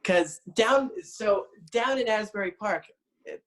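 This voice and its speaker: A man's voice: high voice, slow pace, fairly bright tone. Easygoing New Jersey man on a video call. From New Jersey, USA. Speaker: guest singer-songwriter. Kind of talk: casual interview over video call.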